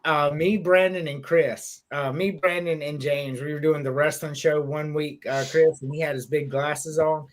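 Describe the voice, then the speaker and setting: A man's voice: on the high side, normal speed, hardly any pauses. A man hosting a podcast in casual chat, telling stories loosely and swearing as he laughs along. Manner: animated, laughing, profane storytelling. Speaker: podcast host.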